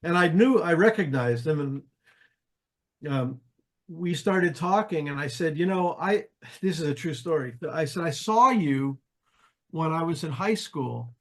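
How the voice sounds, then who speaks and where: With a voice on the high side and a measured pace, an older New Jersey man, a jazz pianist, guests on an interview show. He tells casual, animated anecdotes full of acted-out quoted voices and frequent restarts.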